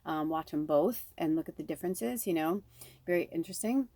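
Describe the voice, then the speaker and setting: A woman's voice: sits low, animated, brisk, mellow, dry recording. A woman speaking as a spiritual medium, giving a casual, rambling reading full of "like" and "you know".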